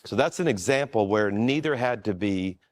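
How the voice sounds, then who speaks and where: Male pastor, conversational storyteller, slightly low voice, dry sound, easygoing and self-mocking. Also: normal speed, dry recording. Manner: relaxed, self-deprecating, with frequent restarts.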